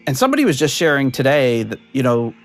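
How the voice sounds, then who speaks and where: A man's voice: medium pitch, sing-song, fast, soft background music. A man hosting a podcast in casual chat over a video call, rambling with lots of fillers and frequent laughs. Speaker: podcast host.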